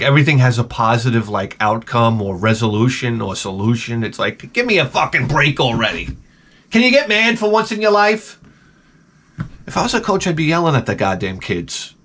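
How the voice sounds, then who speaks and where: A man's voice: medium pitch, fairly bright tone. A middle-aged man with a Long Island accent, telling a rambling, sarcastic, profane story to camera. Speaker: vlogger. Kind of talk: ranting comedic storytelling.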